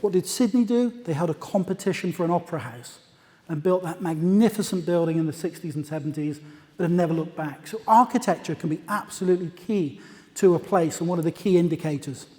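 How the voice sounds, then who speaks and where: A man presenting at a conference, chatty and anecdotal, often drifting into side remarks. His voice sits fairly high, and a long reverb trails off the walls of a large hall. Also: a little fast, darkish tone. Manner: conversational, anecdotal, with asides. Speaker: conference speaker.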